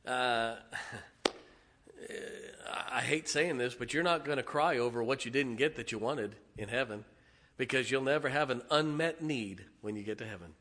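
A middle-aged male pastor preaching in a church, his voice bright and ringing. He builds to loud, punchy declarations, then drops to quiet, intimate asides with the congregation. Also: medium pitch, a little slow, a little hiss or hum. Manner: swings from shouting emphasis to hushed, tender asides. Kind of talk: sermon. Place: church sanctuary.

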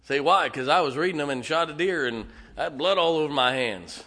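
A middle-aged man preaching a sermon, telling folksy, animated stories with asides to the congregation. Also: fairly high pitch, a little fast. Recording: long hall reverb.

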